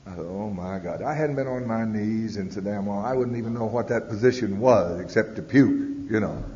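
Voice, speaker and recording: A man with a fairly low voice tells his own story to a large audience, blunt and plainspoken, dotting his talk with "uh" and "you know." The sound rings in a big echoey hall. It comes through a dull, muffled 1990s tape with a faint rumble underneath. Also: normal speed, warm tone. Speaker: speaker at a recovery convention. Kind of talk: personal testimony talk.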